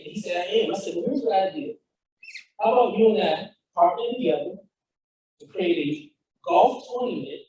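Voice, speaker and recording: In an echoey hall, a founder and speaker gives a fired-up motivational talk from well off the mic, recounting a story with quoted lines. His high voice has a darkish tone, and the recording carries a little hiss or hum.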